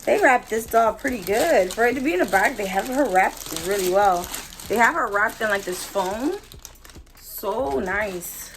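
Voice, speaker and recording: A young woman vlogging an unboxing in a casual, gushing way, full of excited exclamations. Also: mid-range voice, measured pace, a little hiss or hum, low-quality recording. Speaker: doll collector vlogger.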